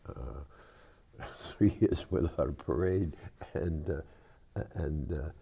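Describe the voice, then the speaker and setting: A man's voice: very deep voice, slow, gravelly, husky. An older man from South Boston with a Boston accent, chatting casually as a host and telling rambling stories full of fillers. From South Boston, Massachusetts. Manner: rambling, animated storyteller with many fillers. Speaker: local cable show host. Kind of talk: casual chat.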